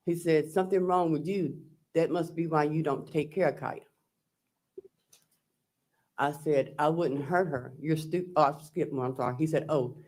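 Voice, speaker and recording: A woman's voice: low voice, fairly even intonation, normal speed, pauses often, a little mellow. A woman on the witness stand in a courtroom, recounting text messages and quoting both sides. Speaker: defendant testifying. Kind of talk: courtroom testimony.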